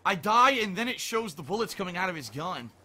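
A gaming commentator rants over his own gameplay, frustrated and swearing at the game. His voice is high, very animated, brisk, pushed and bright. Faint game gunfire and explosions sound behind him.

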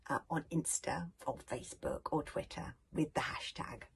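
A British woman, a children's author, reading her storybook aloud in an expressive way that often drops to a whisper. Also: low voice, normal speed, creaky, slightly rough. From United Kingdom.

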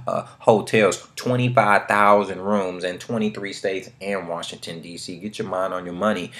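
Low-voiced slangy motivational man. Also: fairly bright tone. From San Francisco Bay Area. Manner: slangy, streetwise, keeps saying "man"; hype, preachy motivational asides. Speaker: real estate vlogger. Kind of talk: casual screen-share commentary.

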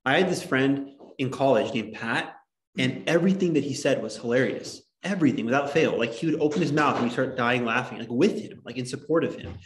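Male history teacher, mid-pitched voice, digressive rambling lecture, filler-heavy, roomy classroom echo. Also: brisk.

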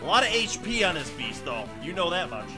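A man hosting a game let's play, chatty and excitable, talking to viewers, his throat hoarse from coughing. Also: fairly high pitch, a little fast, over music. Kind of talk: game commentary.

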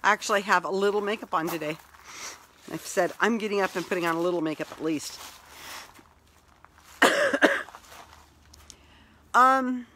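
A woman's voice: medium pitch, a bit bright, poor audio. A woman chatting casually while filming a tour of her own outdoor garden on a handheld phone, rambling as she goes. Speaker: vlogger. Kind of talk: casual chat.

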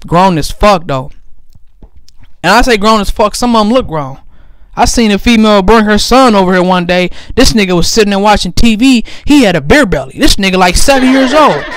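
A man's voice: high voice, animated, brisk, a bit bright, dry recording. A young man telling crude, rambling comic stories about his family, swearing heavily, laughing often and repeatedly asking if you feel him. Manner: swears a lot, breaks into laughter. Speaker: comedian. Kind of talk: profane comedic storytelling monologue.

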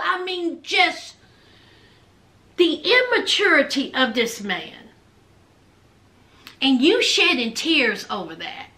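A woman's voice: very high-pitched, very animated, a little slow, sharp tone. A woman recapping a reality show in a casual, sassy, chatty way, retelling scenes and quoting people. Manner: chatty, sassy storytelling with quoted lines.

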